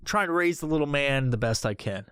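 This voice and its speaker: A man's voice: fairly high pitch, lively intonation, brisk, fairly bright tone, clean tone, dry recording, clean studio sound. A man hosting a podcast, telling a rambling, heavily profane comedic story. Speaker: podcast host.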